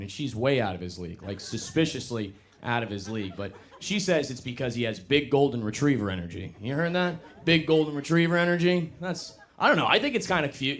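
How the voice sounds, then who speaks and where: Working the crowd from a club stage, a young man performs stand-up comedy into a handheld mic. His mid-range voice carries a casual, self-deprecating style.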